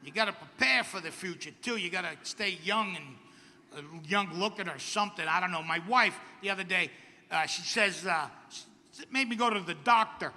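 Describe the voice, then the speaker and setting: A man's voice: high voice, normal speed, sharp tone, long reverb tail, a little hiss or hum. A middle-aged man doing a stand-up comedy set, wry and self-deprecating with punchy delivery. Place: outdoor comedy stage at a camp festival.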